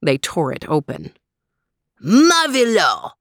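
A woman narrating a children's storybook in a steady, measured way. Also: low voice, no room sound, studio quality. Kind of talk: storybook reading.

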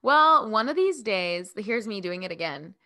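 A woman co-hosting a podcast in casual chat over a video call, bubbly and laughing often, her voice leaping up when excited. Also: mid-range voice, a little slow. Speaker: podcast co-host. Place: home, remote call.

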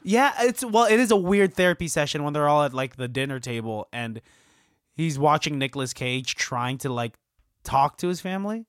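Guy on a podcast riffing about a movie, kinda high voice, dry mic. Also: expressive, normal speed, clear, resonant tone, no echo. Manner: laid-back, swears, acts out lines. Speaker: podcast co-host. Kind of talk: casual movie discussion.

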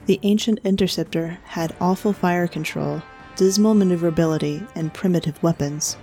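A woman reading a science fiction story as narrator in a measured, even manner. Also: lowish voice, faint music behind.

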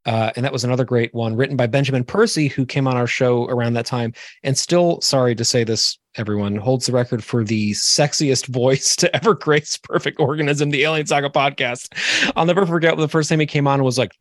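A man's voice: mid-range voice, brisk, no echo, studio quality. A man co-hosting a podcast in upbeat, chatty conversation, with plenty of fillers. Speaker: podcast co-host. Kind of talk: casual podcast chat.

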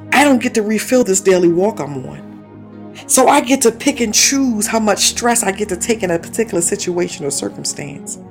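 Animated woman preacher in her fifties. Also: mid-range voice. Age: 50s. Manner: lively storytelling with laughs and asides; breaks into speaking in tongues. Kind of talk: conversational sermon.

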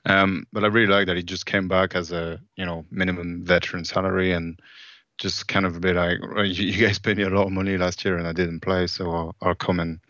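Very deep-voiced man, dull dry sound. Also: flat delivery, a little fast, fairly bright tone, dry recording. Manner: easygoing, rambling, hesitant. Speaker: podcast co-host. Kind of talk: casual sports chat.

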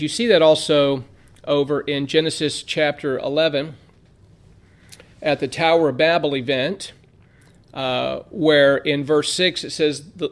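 A man teaching a theology lesson in a measured way, reading scripture aloud with frequent "uh" fillers. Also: a little high. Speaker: Bible teacher. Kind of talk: theology lecture.

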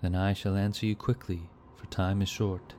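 A man voicing a wounded male bodyguard who reports in a measured, earnest way. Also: deep voice, level tone, dark tone, a little hiss or hum, voice pushed up, natural voice. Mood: weary.

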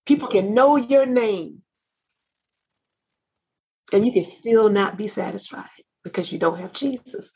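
Fervent woman minister on a faith talk show, husky tone. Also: medium pitch. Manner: fervent, preacherly, repeats phrases. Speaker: minister and network founder. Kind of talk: christian talk show conversation.

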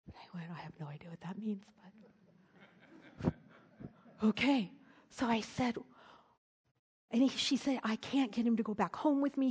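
A middle-aged woman preaching, telling a personal story in an earnest way that drops to a soft hush at tender moments. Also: a little high, moderate pace, pauses often, breathy edge. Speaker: speaker at a church service. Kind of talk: storytelling sermon.

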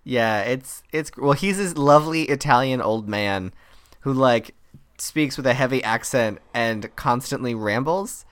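A man co-hosting a podcast in casual chat, riffing and quoting others in quick voices. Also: medium pitch, a bit bright. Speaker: podcast co-host.

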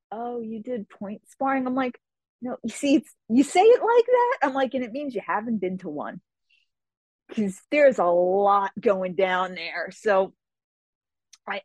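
A woman guest in a casual interview, telling stories in an animated way with laughs between phrases and quick voices for other people. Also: medium pitch, no echo. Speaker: guest, fantasy novelist and martial artist.

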